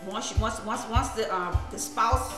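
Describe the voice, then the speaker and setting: A woman minister hosting a casual live stream, laughing often and giving lively preachy asides to her viewers. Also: a little high, moderate pace, roomy sound, music in the background.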